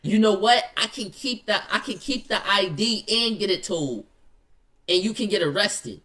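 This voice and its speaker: A man telling a story in casual slang, acting out both sides of an argument in quick quoted lines. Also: high voice, expressive, a loud crowd.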